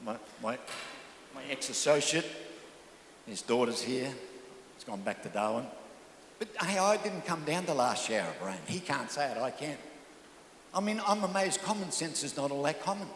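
A man's voice: mid-range voice, lively intonation, normal speed, long pauses, fairly bright tone, a little hiss or hum. An older man preaching a humorous sermon as pastor, telling jokey stories with stammering restarts. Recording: echoey hall.

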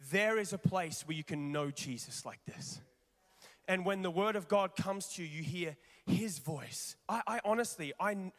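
High-voiced man preaching in a hall. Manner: animated and conversational, with rhetorical questions to the congregation. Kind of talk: sermon. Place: large church hall. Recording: long reverb of a large hall.

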